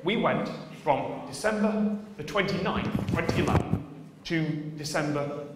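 A man's voice: fairly high pitch, measured pace, very noisy, pitched above the performer's own voice, natural voice. A man voicing a cheerful male caller from a Pacific island who explains a calendar change in a breezy, matter-of-fact way. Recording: played through speakers in an echoey hall.

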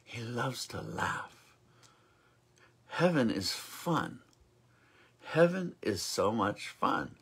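Slow husky male storyteller. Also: mid-range voice, sing-song, fairly bright tone. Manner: dramatic storyteller, rambling asides. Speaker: minister. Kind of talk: storytelling and preaching.

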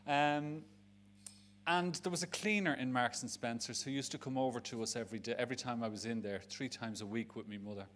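A man's voice: mid-range voice, brisk, fairly bright tone, a little hiss or hum. A middle-aged man with a Dublin Irish accent, giving a frank, emotional personal talk to an audience on stage, rambling and restarting his sentences. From Ireland. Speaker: speaker at a charity event. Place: live event on stage.

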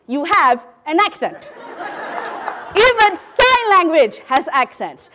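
Sarcastic woman performing a lively monologue. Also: high voice, a little hiss or hum. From Malaysia. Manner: sarcastic, lively, turning quiet and solemn. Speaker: spoken word performer. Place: theater stage.

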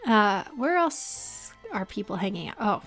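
A young woman comments on her gameplay in a sarcastic, chatty way, often dropping to a half whisper. Her voice sits at a middle pitch, with faint game music underneath. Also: very animated, a little slow, fairly bright tone. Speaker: gaming streamer. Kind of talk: casual let's play commentary.

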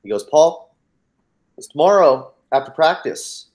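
A man's voice: a little high, lively intonation, unhurried, darkish tone. An American man, a mindset coach, telling his personal story as an interview guest in an earnest, emphatic way, acting out the dialogue and often repeating words as he starts. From United States.

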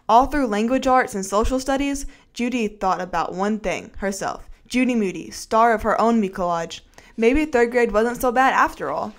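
A woman narrating a children's chapter book aloud with clear, expressive storytelling. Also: on the high side, moderate pace. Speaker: student narrator.

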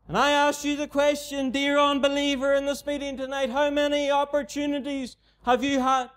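High, flat-voiced Northern Irish preacher. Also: male voice, normal speed. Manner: repetitive, earnest appeals to the unbeliever. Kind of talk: gospel sermon. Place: mission tent.

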